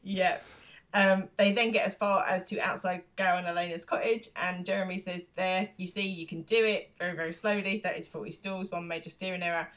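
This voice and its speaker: Woman podcast co-host, low-set voice, laughs a lot while retelling scenes. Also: steady tone, brisk, fairly bright tone. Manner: laughs often, acts out quotes. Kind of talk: casual chat recapping a show.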